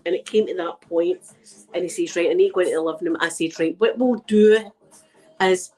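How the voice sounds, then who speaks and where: A woman's voice: medium pitch, a little mellow. An older woman with a Scottish accent, chatting and telling funny stories straight to her viewer, laughing as she goes. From Scotland. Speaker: ASMR vlogger. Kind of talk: casual storytelling to camera.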